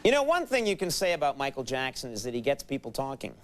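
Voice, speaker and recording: A man hosting a late-night talk show, wry and teasing, in a studio before a live audience. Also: mid-range voice. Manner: quick, wry, deadpan-teasing. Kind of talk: comedy monologue and sketch banter. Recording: studio audience and background noise.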